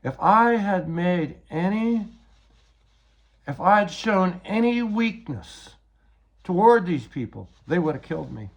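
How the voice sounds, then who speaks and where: A man's voice: sits high, animated, takes it slowly, creaky. An older man giving a rambling, agitated personal account, often repeating words as he retells events.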